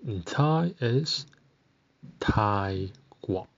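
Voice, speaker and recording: Podcast language tutor, male, from Britain; unhurried, deliberate, leaves long gaps for repetition, slightly muffled audio. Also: medium pitch, lively intonation. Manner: spells out each word slowly, with long pauses for the listener to repeat. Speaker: language teacher. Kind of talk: slow, deliberate language lesson.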